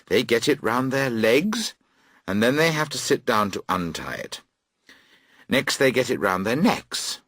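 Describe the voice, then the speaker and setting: A man reads a classic story aloud for learners, slow and deliberate, his pitch swinging widely to dramatize each turn. His voice is husky and recorded dry and close. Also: dry recording. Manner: slow, clear, very expressive. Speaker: audiobook reader. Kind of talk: scripted storybook narration for learners.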